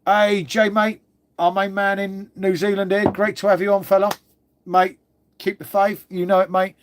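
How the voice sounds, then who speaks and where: A man's voice: high voice, level tone, moderate pace, background noise. A middle-aged English man with an English accent hosting a casual livestream, chatting with viewers in a matey way. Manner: chatty, matey, says "mate" a lot. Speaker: livestream host. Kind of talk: casual live chat reading viewer comments.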